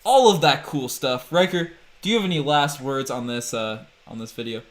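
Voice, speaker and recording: A man's voice: mid-range voice, normal speed. Chatty laughing podcast host man. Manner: chatty, laughing, hyping the channel. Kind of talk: casual livestream chat.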